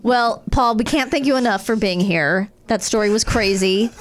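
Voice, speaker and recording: A woman hosting a casual comedy podcast chat, playful and quick to laugh. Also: on the high side, slight background noise. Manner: giggly and playful. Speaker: podcast host.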